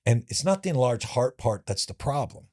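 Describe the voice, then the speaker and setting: A man, a former professional fighter, who is a podcast guest and tells a story in casual conversation. He is animated and talks in restarts, full of "like"s. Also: medium pitch, normal speed.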